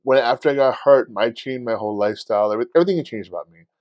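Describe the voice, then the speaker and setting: A man co-hosting a podcast in casual chat, telling stories in a profane, animated way and acting out his own shouting. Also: mid-range voice, rapid-fire, no room sound, highs cut off. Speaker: podcast co-host.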